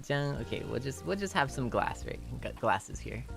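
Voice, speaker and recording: A man's voice: mid-range voice, vocal fry. A man hosting a casual anniversary chat stream, giggly and rambling, shy and self-conscious, switching between English and Japanese. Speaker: streamer host.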